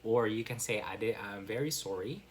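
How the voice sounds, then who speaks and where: A man's voice: lowish voice, moderate pace, a little hiss or hum. A man giving a casual online English lesson, explaining step by step with frequent fillers and "right?" check-ins. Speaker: English teacher.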